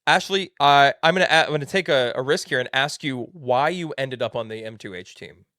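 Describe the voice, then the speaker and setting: A man's voice: medium pitch, fairly quick, pushed and bright, no room sound, studio quality. A man in his late thirties hosting a podcast, interviewing a guest in a playful, enthusiastic way. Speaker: podcast host.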